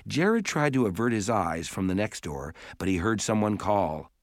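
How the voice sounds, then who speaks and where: A man reading a story aloud as an audiobook narrator, in a measured, even way. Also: lowish voice, no room sound, clean studio sound. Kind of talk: scripted narration.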